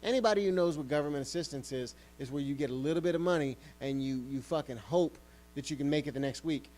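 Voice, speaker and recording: A man's voice: on the high side, fast talker, a little mellow, rough recording. A man hosting a sports podcast, ranting heatedly and swearing often. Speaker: podcast host.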